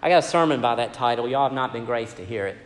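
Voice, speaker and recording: A man preaching a sermon as pastor, swinging from loud, raised lines down to hushed ones. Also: mid-range voice, expressive, quick pace. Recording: long hall reverb with faint ambience.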